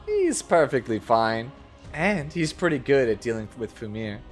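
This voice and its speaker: A man voicing a calm, principled young knight in a live game dub, reading in a measured, lowered, sincere way. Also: soft background music. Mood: earnest. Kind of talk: amateur game voice-over read live on stream.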